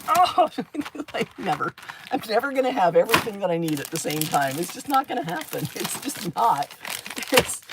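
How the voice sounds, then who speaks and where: A woman's voice: deep voice, noisy background. Chatty, laughing woman hosting a craft livestream. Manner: chatty, rambling, laughs often, hums sound effects while drawing. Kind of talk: casual chat while crafting.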